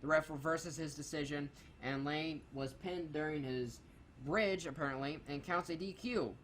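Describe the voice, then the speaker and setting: A man's voice: on the high side, normal speed, a bit bright, slight background noise. A man co-hosting a casual review of a wrestling show, reading his notes aloud, swearing freely and making sarcastic jokes. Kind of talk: casual, profane review commentary.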